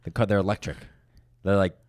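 A man's voice: deep voice, fairly even intonation, a little fast, darkish tone, dry recording, studio quality. A man hosting a podcast, rambling loosely in casual chat and tripping over his words. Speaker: comedian podcast host.

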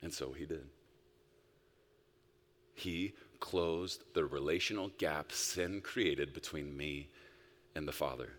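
A male pastor preaching a sermon, emphatic, swinging between loud bursts and soft, quiet stretches. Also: extremely low pitch, slow pace, long pauses. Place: church sanctuary. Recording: long reverb of a large hall.

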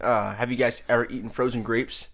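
A man's voice: medium pitch, little pitch movement, a crowd in the background. A man co-hosting a podcast in casual chat, hesitant and full of fillers. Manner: hesitant, fillers, quick apologies. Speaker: podcast co-host.

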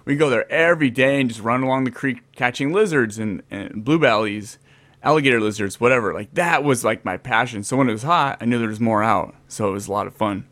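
A man in his thirties from California talks in a loose, casual way. He tells stories with energy and acts out his own past lines. His pitch sits in the middle for a man. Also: a little fast, a bit bright, no room sound. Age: 30s. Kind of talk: casual chat.

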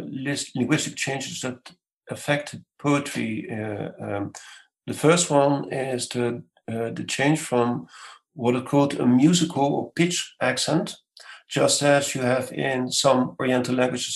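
A man answering interview questions as a scholar, lecturing in a measured way with many hesitations. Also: mid-range voice, vocal fry, rough recording. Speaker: scholar guest.

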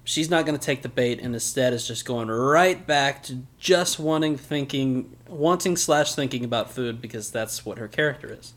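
Man, mid-pitched voice, podcast co-host, casual chat, dry sarcastic humor. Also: moderate pace, few pauses, a bit bright. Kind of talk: casual anime recap chat.

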